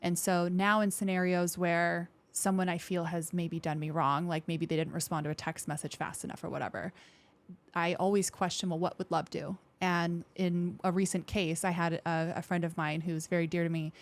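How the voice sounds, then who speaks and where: Woman, podcast guest, candid and frank, lowish voice, casual interview talk, acts out quotes. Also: flat delivery, moderate pace. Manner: frank, with occasional swearing. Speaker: podcast guest, military veteran.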